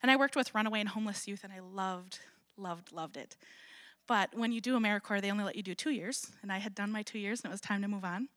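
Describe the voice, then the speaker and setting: Speaking fast, this Wisconsin woman, middle-aged and the founder of a ministry, tells her testimony as a guest speaker at church, chatty and self-deprecating, laughing lightly and often. Her voice sits at medium pitch with a fairly bright tone, recorded in clean studio sound without echo.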